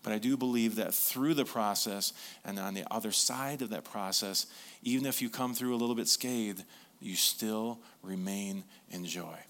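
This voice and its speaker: Male pastor with a bright, forward voice who preaches casually and animatedly, going hushed to make his key points. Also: lowish voice, moderate pace. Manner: conversational, animated storytelling, dropping soft for emphasis. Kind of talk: sermon.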